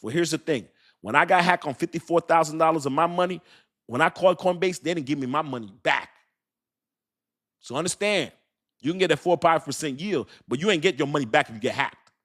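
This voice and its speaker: A man's voice: a little high, fairly quick, fairly bright tone. A man hosting a live crypto commentary stream, talking emphatically and repeating his points to the viewers. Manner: emphatic, repetitive, talks straight to the viewers. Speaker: crypto channel host.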